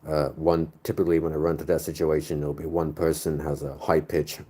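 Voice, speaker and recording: Very deep-voiced crude joking man. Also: little pitch movement, a little fast, dark tone. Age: 30s. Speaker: streamer reading chat. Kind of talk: casual chat.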